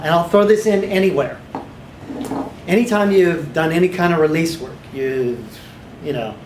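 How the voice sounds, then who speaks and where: A man teaching a small class of hypnotherapy students, sometimes slipping into a slow, authoritative guided-imagery voice. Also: fairly high pitch, slight background noise. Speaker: hypnotherapy trainer. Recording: echoey room.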